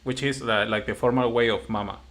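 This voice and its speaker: A man's voice: medium pitch, fairly even intonation, a little fast, fairly bright tone. Man teaching patiently. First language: Spanish. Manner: patient, encouraging, repeats praise. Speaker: Spanish teacher. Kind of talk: casual one-on-one language lesson.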